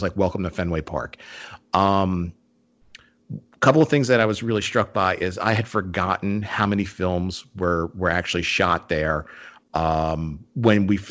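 A man's voice: fairly low pitch, a bit bright, dull audio. A man in casual conversation, rambling with many fillers and restarts. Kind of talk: casual chat.

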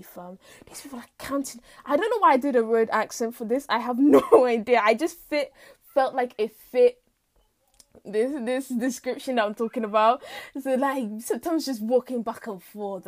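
A young woman hosting a solo podcast, telling a story in animated, slangy casual chat. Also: a little high. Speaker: podcast host.

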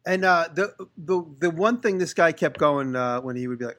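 Brisk and a little high, with a fairly bright tone and hardly any pauses, a woodworker hosts a casual podcast. His long, wandering stories about his workshop include voices for the people he quotes.

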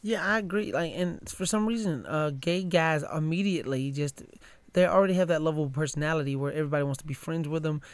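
Man co-hosting, slightly high, dry sound. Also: fast, clear, resonant tone, no room sound. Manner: easygoing, agreeable, repeats words. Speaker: podcast co-host. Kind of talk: casual chat.

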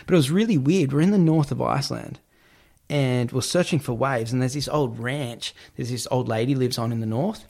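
A man's voice: medium pitch, brisk, creaky, darkish tone. A young adult man, telling a story as a guest in casual chat, with a rambling delivery full of "like" fillers. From Australia.

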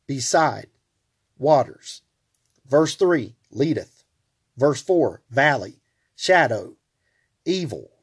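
A man leads a Bible study lecture in a fairly high voice with a husky edge to it. He talks in a plain teaching manner, reads quotes aloud and spells names out letter by letter. He often repeats a word as he restarts a thought. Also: a little mellow.

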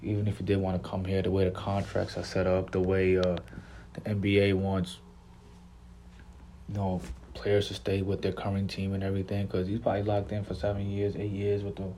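Deep flat-voiced New man, laid-back. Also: fairly quick, slight background noise. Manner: laid-back, slangy, repeats himself. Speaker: podcast host. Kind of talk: casual sports chat.

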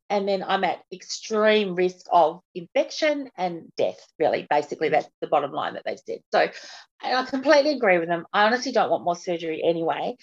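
Woman candidly recounting, lo-fi audio. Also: on the low side. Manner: candid, halting, restarts sentences often. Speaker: guest. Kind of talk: personal interview.

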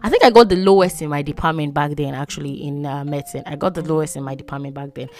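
A young Nigerian woman hosting a podcast, telling a personal story with lively, emotional exclamations. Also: sits low, quick pace. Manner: animated, emotional storytelling with frequent laughs and exclamations. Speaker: podcast host.

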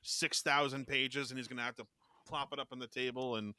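Bright-voiced man telling animated stories. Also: mid-range voice, brisk, smooth, dry recording. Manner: animated anecdotes, mimics other people's voices; casual, swears freely. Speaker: podcast co-host. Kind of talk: casual chat, storytelling.

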